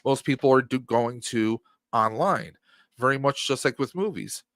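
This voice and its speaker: A man's voice: medium pitch, normal speed, fairly bright tone, dry recording. A man in his mid-forties, a podcast guest, talking casually and rambling with frequent fillers. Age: 40s. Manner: rambling, lots of fillers like um and you know.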